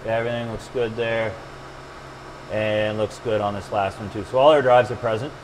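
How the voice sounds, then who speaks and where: A man's voice: on the low side, steady tone, normal speed, a little hiss or hum, rough recording. A man presenting a hands-on storage build in a lab, talking casually and joking between steps with rambling asides. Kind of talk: casual hands-on tech demo. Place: server lab.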